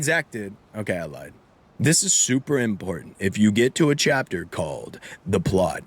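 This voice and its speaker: A man streaming a video game live, chatting casually with viewers and swearing freely. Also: fairly low pitch. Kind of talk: casual live-stream chat while gaming.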